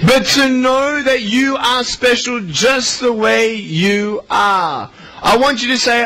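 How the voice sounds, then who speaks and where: An animated Australian man with an extremely high voice gives a slow, playful speech to schoolchildren, quizzing them as he goes. The hall recording is noisy, with a faint crowd audible.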